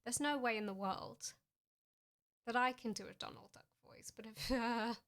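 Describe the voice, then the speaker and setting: A young woman streaming casually, joking in a deadpan way and often laughing as she talks. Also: a little high, moderate pace. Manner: playful, deadpan jokes with frequent laughs. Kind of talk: casual stream chat showing fan art.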